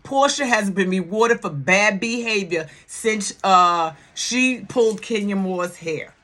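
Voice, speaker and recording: A middle-aged woman talking casually and bluntly on her video channel, loud and animated, swearing freely, with grief showing through in places. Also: medium pitch, slow pace. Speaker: YouTube reality-TV commentator. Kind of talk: casual vlog commentary.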